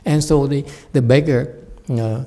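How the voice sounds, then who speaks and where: Slow, joking Buddhist teacher, a man. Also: mid-range voice, fairly even intonation, warm tone. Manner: folksy, self-deprecating humor, frequent "okay?" and chuckles. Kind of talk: dharma lecture with storytelling. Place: temple lecture hall.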